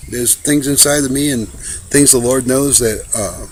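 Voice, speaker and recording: A man's voice: medium pitch, a little slow, a little hiss or hum. A man speaking an earnest personal message to a friend, impassioned and preachy, often repeating himself.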